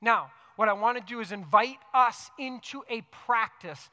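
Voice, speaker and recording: A man preaching a sermon earnestly, repeating key phrases for emphasis and dropping into soft, reflective tones. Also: very high voice, normal speed, long reverb tail. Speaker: pastor. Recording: music playing underneath.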